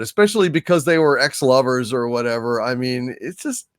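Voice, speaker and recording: A man's voice: mid-range voice, brisk, no room sound, clean studio sound. A man co-hosting a casual live-stream chat, sarcastic and mocking as he talks. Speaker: co-host.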